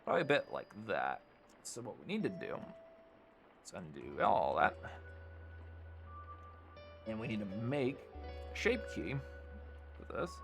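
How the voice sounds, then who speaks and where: A man's voice: fairly low pitch, huge pitch swings, measured pace, gravelly, pauses often, soft background music. A man streaming a casual tutorial, thinking aloud and muttering as he works, with the odd swear. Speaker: streamer teaching 3D modeling.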